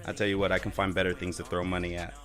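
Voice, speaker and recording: A man streaming and chatting casually, joking and swearing often, sometimes jumping into high mock voices. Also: monotone, rapid-fire, fairly bright tone, soft background music. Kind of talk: casual chat.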